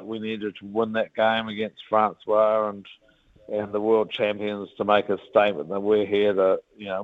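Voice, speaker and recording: A man in his fifties from New Zealand with a New Zealand accent, telling rugby stories as an interview guest in a rambling, animated way. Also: lowish voice. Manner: rambling, animated, many restarts. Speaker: guest, former rugby captain. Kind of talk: casual interview storytelling. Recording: tinny phone-like line.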